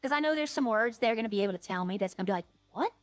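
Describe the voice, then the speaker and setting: A woman streaming a roleplay game, talking casually as she plays. She rambles, trails off and restarts her thoughts. Her voice sits a little high and sounds dry and close, with faint music behind her. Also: lively intonation, racing, dry recording. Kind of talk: casual streaming chat while playing.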